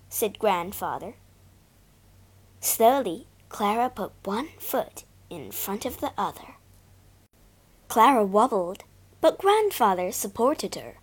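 A woman reading a storybook aloud to learners, clear and expressive. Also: mid-range voice, takes it slowly. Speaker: storybook reader. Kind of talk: slow read-aloud story narration for learners.

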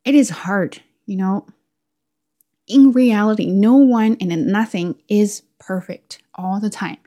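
A woman's voice: medium pitch, slow. A woman talking through her thoughts in a candid, self-questioning casual monologue. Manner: candid, self-questioning, with lively quoted asides. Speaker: vlogger.

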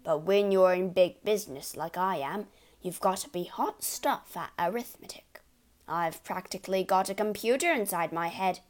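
Woman reader as bullying dad, loud, shouty, boastful. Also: on the low side, normal speed, natural voice. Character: blustering boastful middle-aged father.

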